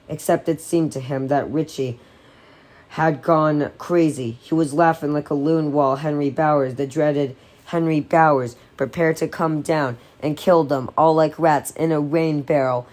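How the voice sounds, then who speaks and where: A woman reads a novel aloud in a low-pitched voice. Her delivery is unpolished, with small slips she stops to correct. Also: steady tone, unhurried, darkish tone. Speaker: audiobook reader.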